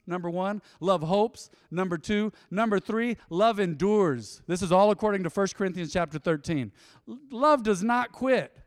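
Here a male pastor preaches a sermon full of emotion and energy, his high, bright voice leaping from loud bursts to soft, hushed asides. It sounds close and dry, with a long hall reverb lingering behind.

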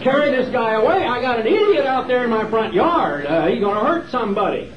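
A man's voice: very high voice, big pitch swings, brisk, a loud crowd, pitched above the performer's own voice. A preacher doing a panicky folksy country man. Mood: alarmed, comic. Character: alarmed rural man peeking from his mobile home. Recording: roomy hall, distant dull mic.

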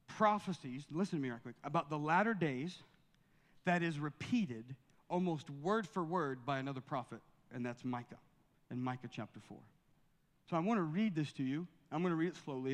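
A man's voice: fairly high pitch, in a large hall. A man preaching a sermon in a church, building to fervent scripture reading. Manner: preaching with rising fervor, reading scripture aloud. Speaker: pastor. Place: church sanctuary.

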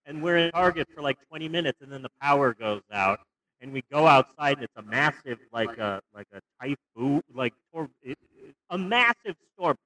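A young man co-hosting a podcast, telling stories in a rambling, animated way with stumbles and restarts. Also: medium pitch, moderate pace, low-quality recording. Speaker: podcast co-host. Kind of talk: casual comedic movie review chat.

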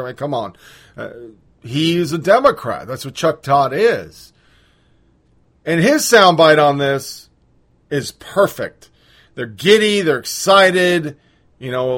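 Blunt, profane podcast host. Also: male voice, medium pitch. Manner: blunt, profane, opinionated rant. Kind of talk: casual political commentary.

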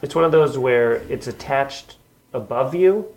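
A man from Long Island, New York, chatting as a guest in a basement, rambling in a relaxed way with many fillers. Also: mid-range voice, measured pace, poor audio. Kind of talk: casual chat. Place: basement room.

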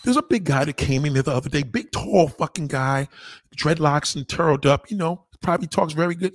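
A man's voice: on the high side, a little fast, no echo. A man ranting and telling a story in casual, profane slang, acting out the voices. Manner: loud, animated, swears constantly, acts out voices. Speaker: vlogger.

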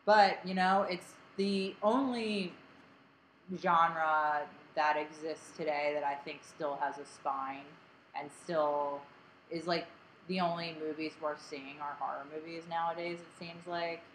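A woman's voice: sits low, fairly even intonation, slow, fairly bright tone, slight background noise, rough recording. A woman from Delaware County co-hosting a casual podcast, rambling with lots of fillers and a grating, self-mocking tone. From Delaware County, Pennsylvania. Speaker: podcast co-host.

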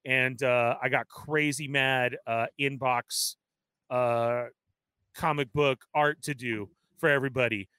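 A man hosting a casual live stream, energetically reading out viewer shout-outs one after another. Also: mid-range voice, fairly even intonation, takes it slowly, clean tone, no echo. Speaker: livestream host.

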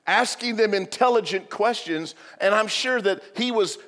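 A man's voice: high-pitched, normal speed, a bit bright, long reverb tail. A male pastor giving a sermon in a church, telling the story with humor and joking asides.

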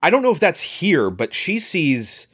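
A man's voice: a little high, wildly swooping pitch, unhurried, a bit bright, slightly rough. A man co-hosting a casual podcast, explaining a film's plot in a rambling way with many fillers. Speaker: podcast co-host. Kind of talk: casual movie-recap chat.

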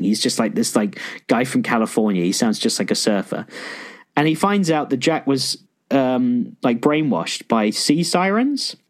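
A man co-hosting a casual podcast, recapping episodes with excited jumps up in pitch and plenty of swearing. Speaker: podcast co-host.

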